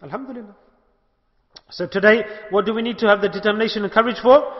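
Man, high-pitched, impassioned sermon, rhetorical questions, long hall echo, dull lo-fi sound. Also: fast talker. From United Kingdom. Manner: impassioned, rhetorical questions, shifts between soft and loud. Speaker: sheikh giving a religious talk.

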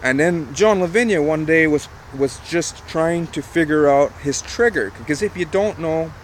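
A man's voice: a little high, normal speed, a little hiss or hum. A man telling a motivational story in a casual vlog, talking straight to his viewers, emphatic and repetitive, with a little swearing. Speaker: online marketer.

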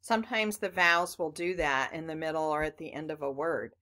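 A woman's voice: low-pitched, brisk, pushed and bright. A woman teaching children phonics, patiently sounding out words letter by letter and talking to the class as boys and girls.

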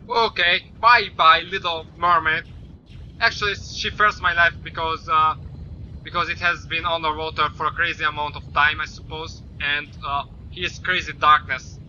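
High, bright-voiced swearing gamer man. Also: fairly even intonation, normal speed. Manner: swears a lot, yells at the game. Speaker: gaming YouTuber. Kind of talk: let's play commentary. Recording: slightly dull lo-fi mic with faint noise.

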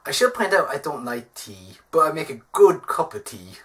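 A man's voice: on the high side, big pitch swings, moderate pace, hardly any pauses, a bit bright. A man with an Irish accent giving a wry, self-mocking comic vlog monologue. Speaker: vlogger.

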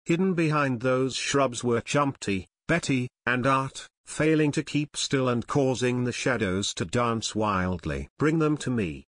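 A man's voice: medium pitch, unhurried, few pauses, dry recording, studio quality. Man narrating a children's story. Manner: steady storytelling. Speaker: author reading his book. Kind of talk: audiobook narration.

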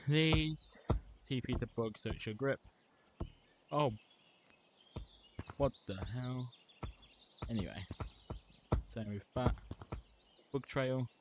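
A young man talks through a game menu in a casual, offhand way, reading out item after item in clipped little bursts. His voice sits at an everyday middle pitch. A loud wash of background noise runs under the whole recording. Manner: reads out menu items in short bursts, offhand. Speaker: gameplay reviewer. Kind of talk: casual game mod walkthrough.

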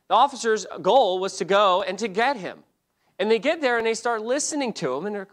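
A man teaching a church Bible lesson, telling the story in an animated way, acting out the quotes, often restarting his sentences. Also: high voice, a little fast.

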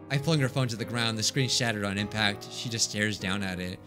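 A man's voice: fairly low pitch, brisk, over music. A young man hosting a let's play, reading visual novel text aloud with dramatic, exclaiming reactions. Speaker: gaming let's play host.

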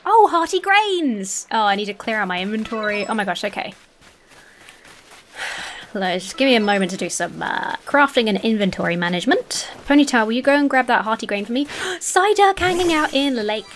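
A woman's voice: medium pitch, brisk, fairly bright tone, slight background noise. A woman hosting a casual let's-play, chatty and gushing, swearing casually, with faint game music behind her. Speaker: gaming video host.

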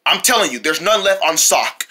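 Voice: medium pitch, expressive, moderate pace, sharp tone, breathy edge. A performer voicing a patient male store clerk who explains things plainly in a homemade comedy skit. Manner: explaining, matter-of-fact.

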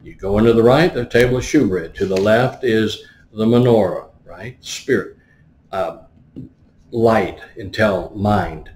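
A man's voice: lowish voice, measured pace, darkish tone, slight background noise. Man preaching in an echoey room. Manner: explains word by word, stops to ask "right?". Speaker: pastor. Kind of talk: sermon teaching.

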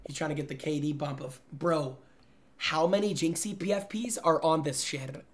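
A young man streaming a game, chattering excitedly to his chat in slangy, excitable commentary. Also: fairly high pitch, moderate pace. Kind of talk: live gaming commentary.

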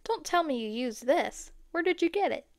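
A woman's voice: sits high, expressive, moderate pace, no echo, clean studio sound, voice pushed up. A woman voicing a determined young girl detective in an audiobook, speaking earnestly.

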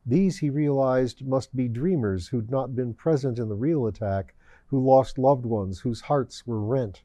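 Male audiobook narrator, mellow and measured, close dry mic. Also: medium pitch, no room sound. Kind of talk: storybook narration.

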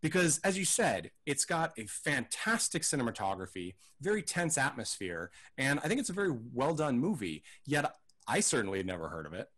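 A man's voice: medium pitch, big pitch swings, a little fast, a bit bright. A man co-hosting a film podcast, talking through his thoughts in a rambling, hesitant way with lots of fillers and restarts. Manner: rambling, hesitant, thinks aloud with many fillers. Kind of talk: casual film discussion.

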